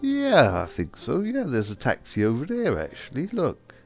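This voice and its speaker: A man's voice: mid-range voice, huge pitch swings, moderate pace, creaky, a little mellow, faint music behind, pitched above the performer's own voice. A man voicing a playful older man who insists on a mixed-up name. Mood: joking. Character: jokey older man who mixes up names.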